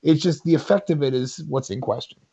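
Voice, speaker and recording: A man co-hosting a casual podcast, talking earnestly and growing heated as he argues his point. His voice sits somewhat high. The sound is dull and lo-fi. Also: fairly quick, vocal fry, dark tone, breathy edge. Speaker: podcast co-host. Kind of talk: casual chat.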